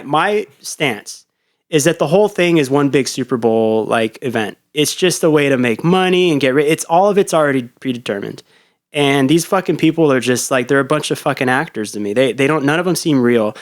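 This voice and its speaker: A man hosting a podcast in a laid-back, rambling chat, swearing often. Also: medium pitch. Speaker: podcast host. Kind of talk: casual chat.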